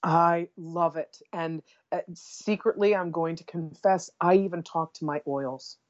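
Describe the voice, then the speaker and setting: A woman guest, an aromatherapist, speaking gently and earnestly in casual conversation. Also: lowish voice, fairly even intonation, measured pace, lo-fi sound.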